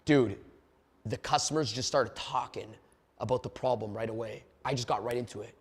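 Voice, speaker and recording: A man giving a motivational sales webinar as a trainer, energetic and profane, telling stories from his sales office. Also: medium pitch, normal speed, husky, long reverb tail.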